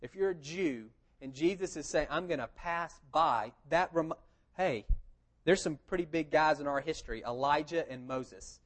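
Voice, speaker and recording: A man preaching a sermon, telling the story in a lively conversational way and asking rhetorical questions. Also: fairly high pitch, moderate pace. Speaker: pastor. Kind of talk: expository sermon.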